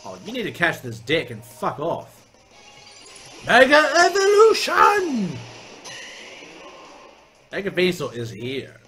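A young man giving gameplay commentary as a let's play host, excitable and profane, often yelling at the game. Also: mid-range voice, normal speed, hardly any pauses, faint music behind.

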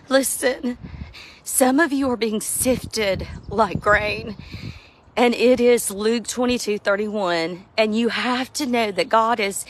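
A woman's voice: on the high side, slow, a little hiss or hum. A woman giving an earnest, heartfelt personal testimony as a devotional speaker.

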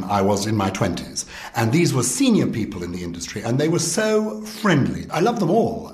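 Brief: older male raconteur, eloquent, very animated pitch. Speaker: guest panellist. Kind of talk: reminiscing interview.

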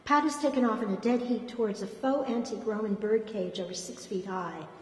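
A woman author giving an expressive reading of her fiction in a hall. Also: mid-range voice, fairly quick. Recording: echoey hall reverb.

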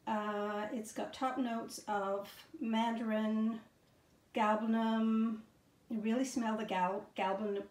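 A middle-aged woman presents her outfits and perfumes from her bedroom, talking slowly with a gravelly edge. Her voice sits a touch high, and she gushes over each piece with lots of fillers. The room sounds echoey around her. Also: a little mellow. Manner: gushing, enthusiastic, lots of fillers. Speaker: fashion and fragrance vlogger. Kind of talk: casual show-and-tell vlog. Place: bedroom at home.

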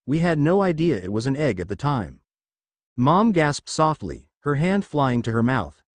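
A man's voice: medium pitch, sing-song, measured pace, no room sound. A man reading a fan fiction story aloud in an audiobook style, giving the characters small voice shifts.

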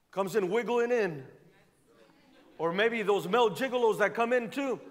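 Speaking at a normal speed in a voice that sits high, a man delivers an impassioned sermon from a church sanctuary. He drives each point through repetition, and the sound trails off in lengthy hall reverb.

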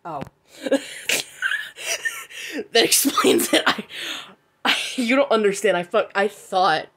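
A woman's voice: mid-range voice, lively intonation, takes it slowly, background noise. A young woman giving casual gameplay commentary, chatty, swearing freely and talking to the game characters. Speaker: gaming vlogger.

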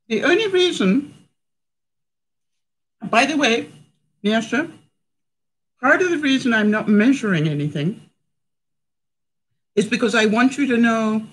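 A woman's voice: fairly high pitch, rough recording. Chatty woman cooking on a live stream. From Canada. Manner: chatty, laughs often, talks to viewers. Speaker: vlogger. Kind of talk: casual live cooking demonstration.

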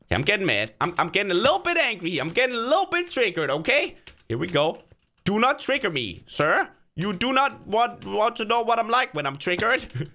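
A man narrating a game session in a loose, chatty way, talking to himself as he goes. His voice is bright and forward, and it swings widely up and down. Now and then it jumps into loud yelps of frustration or triumph. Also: high-pitched, fairly quick. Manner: excitable, talks to himself and cheers himself on; sudden loud outbursts of frustration and joy. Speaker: gaming video creator. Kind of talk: casual let's-play commentary.

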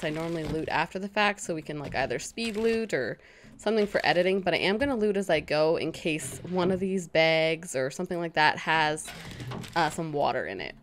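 A woman hosting a casual let's-play, chatty and self-mocking, quickly startled into yelps. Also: on the low side, a little hiss or hum. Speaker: gaming channel host.

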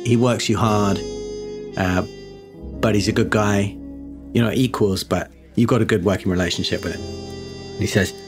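A man narrating a tabletop game as game master, relaxed and full of fillers. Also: fairly low pitch, moderate pace, pauses often, over music.

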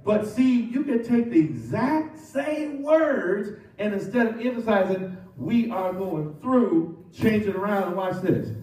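A man's voice: high voice, animated, unhurried, darkish tone. A man preaching a sermon as pastor, leading his congregation to repeat phrases back to him. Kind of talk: call-and-response sermon. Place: church sanctuary. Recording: echoey church, mic from some distance.

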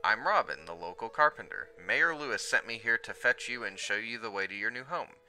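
A man's voice: fairly low pitch, animated, brisk, bright, forceful tone, faint music behind, low-quality recording. A man voicing a cheerful female town carpenter, reading her game lines in a friendly, welcoming way. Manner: friendly, welcoming, reads game dialogue aloud.

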